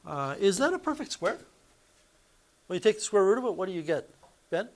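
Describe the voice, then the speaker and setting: A man's voice: sits high, sing-song, fairly quick. A male math teacher lecturing a classroom, explaining each step and correcting himself aloud as he goes.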